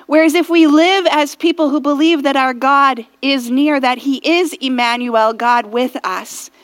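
High-voiced woman giving a slow, gentle sermon. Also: fairly even intonation. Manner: gentle storytelling, voice drops soft on tender phrases; asks the listeners reflective questions. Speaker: church speaker.

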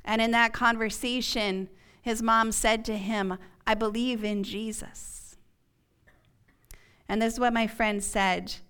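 A woman pastor preaching a sermon in church, earnest and emphatic, sometimes dropping to a hush. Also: on the high side, steady tone, clean tone. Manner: earnest, slow and emphatic, dropping to a hushed whisper at key points.

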